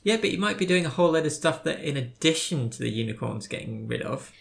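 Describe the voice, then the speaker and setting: A woman's voice: low voice, expressive, fast, creaky. A woman in a casual chat who makes dry, understated jokes.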